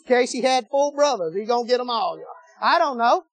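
A man preaching a sermon, telling a story in an animated, folksy way that swings between loud and low. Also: brisk.

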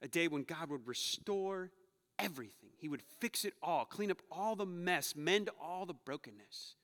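Bright-voiced male pastor in reverberant hall. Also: on the high side, lively intonation, normal speed. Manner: conversational preaching, shifts between playful asides and hushed earnest passages. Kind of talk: sermon. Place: church sanctuary. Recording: long reverb of a church hall.

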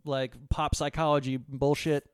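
A man's voice: fairly high pitch, little pitch movement, normal speed, smooth, no echo. A man co-hosting a casual movie-review podcast, wry with dry humor, giving film ratings. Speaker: podcast co-host.

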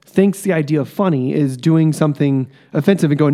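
A man co-hosting a casual podcast chat, ranting in a profane, animated way. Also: on the high side, a little fast. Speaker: podcast co-host.

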